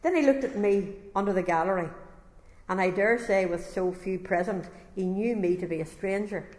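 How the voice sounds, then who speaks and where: A woman's voice: medium pitch, moderate pace, a little mellow. A woman preacher reads a testimony aloud and steps out of the text now and then for casual asides to her listeners. Her voice sits in the middle of the range and carries a long, roomy reverb. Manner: conversational asides between passages read aloud. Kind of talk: sermon with read-aloud testimony. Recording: echoey hall reverb.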